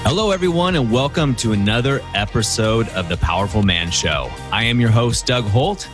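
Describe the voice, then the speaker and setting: A man's voice: mid-range voice, animated, normal speed, a bit bright, soft background music. A man hosting a men's coaching podcast, telling stories emphatically with lots of "you know" and "right?". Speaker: podcast host. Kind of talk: conversational coaching talk.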